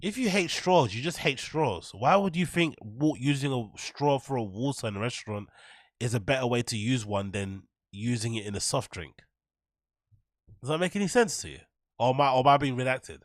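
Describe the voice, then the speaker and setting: A man's voice: medium pitch, animated, normal speed, no room sound, studio quality. A man hosting a commentary show, ranting and mocking clips with heavy profanity and filler words. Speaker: host.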